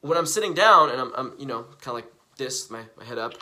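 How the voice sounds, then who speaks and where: A young man live streaming in a loose, casual way, with a bright, forceful voice. He rambles, curses freely and repeats his points, and he swings between loud outbursts and quiet asides. His pitch sits in the middle for a man. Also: fast. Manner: animated and profane, swings from loud to hushed. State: coughing from recently quitting smoking.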